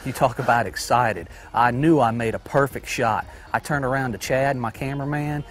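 A man's voice: medium pitch, normal speed. Enthusiastic man recapping a hunt. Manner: enthusiastic, folksy storytelling. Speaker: bowhunter. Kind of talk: recap interview.

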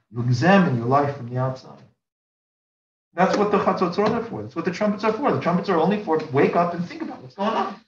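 A man's voice: fairly high pitch, a little hiss or hum. Man lecturing rhetorically in an echoey room. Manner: rhetorical, repeats and builds phrases, emphatic rises. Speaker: rabbi teaching a class. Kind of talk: religious lecture. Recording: roomy, distant mic, dull sound.

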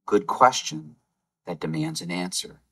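A man preaching a Palm Sunday sermon, retelling scripture as a lively story with playful game-show asides. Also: sits low, measured pace, gravelly, husky. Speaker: lay preacher.

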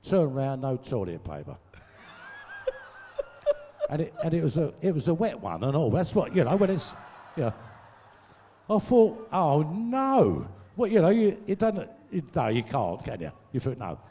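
A man's voice: mid-range voice, very animated, moderate pace, warm tone, slight background noise. An older man telling crude, sweary comic anecdotes to a live audience on a stage microphone, laughing at his own jokes. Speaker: guest storyteller. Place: large venue, live audience show. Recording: echoey hall.

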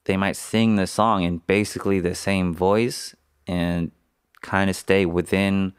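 A slightly sick man with a deep, smooth voice talks through his work in a thoughtful, casual monologue, coughing now and then. He takes his time and pauses to find words. The sound is close and dry. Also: no room sound. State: a little sick, occasional cough. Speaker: podcast host and mixing engineer.

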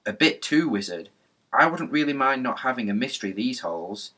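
A man reading a storybook, voicing an excitable nine-year-old girl in a raised, eager tone. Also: mid-range voice, normal speed.

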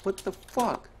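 A man streaming a role-play game, commenting excitedly, swearing and laughing as he plays at his computer. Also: high voice, a little hiss or hum.

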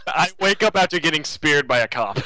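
A man's voice: on the high side, expressive, a little fast, very noisy. A teenage man co-hosting a casual group podcast, telling rambling stories between laughs. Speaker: podcast co-host.

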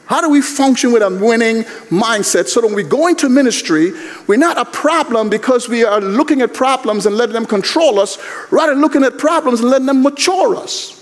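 High-voiced preacher in an echoing chapel. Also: male voice, lively intonation, fairly quick. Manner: emphatic, conversational preaching with rhetorical questions. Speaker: guest chapel speaker, pastor. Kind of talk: sermon. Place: university chapel. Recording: echoey hall.

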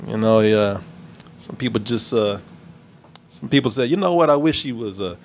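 A man's voice: on the low side, expressive, normal speed, a little hiss or hum. A man hosting a casual pop-culture chat show, laid-back and joking, swearing freely. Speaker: show host.

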